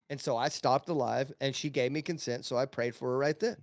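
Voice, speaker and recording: Animated, storytelling man, dry sound. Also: on the high side, moderate pace, few pauses, no room sound. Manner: storytelling, animated, many restarts. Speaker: Christian podcast guest. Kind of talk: casual podcast conversation.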